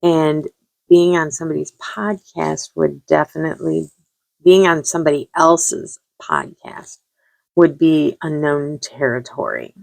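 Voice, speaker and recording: A woman's voice: sits low, lively intonation, measured pace, vocal fry, darkish tone, no room sound. A middle-aged woman hosting a vlog, chatting casually while she crafts, rambling and self-deprecating and often repeating herself. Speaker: vlog host.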